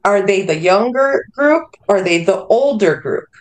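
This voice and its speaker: A woman's voice: medium pitch, lively intonation, unhurried. A woman massage therapist as a podcast guest, talking thoughtfully with frequent fillers. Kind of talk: casual podcast chat.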